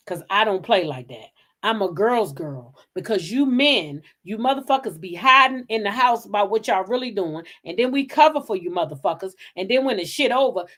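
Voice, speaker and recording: Gossip host, woman; profane, sassy, heated unscripted commentary. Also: mid-range voice.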